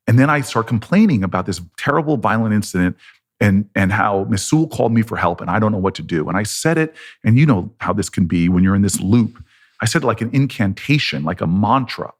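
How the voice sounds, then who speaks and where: A man in his fifties with an American accent, appearing as a politician guest, tells a long, animated story and acts out both sides of each conversation. His voice sits on the low side, expressive and brisk.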